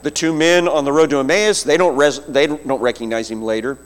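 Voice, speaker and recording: A man preaching a sermon, retelling a scripture story vividly with slow, deliberate phrasing. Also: medium pitch.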